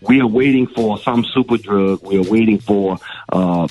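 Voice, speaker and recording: A man's voice: on the low side, moderate pace, a little mellow, lo-fi sound, soft background music. A man, a doctor, giving an earnest health update on a radio morning show. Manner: earnest, briefing tone with fillers. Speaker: medical guest commentator.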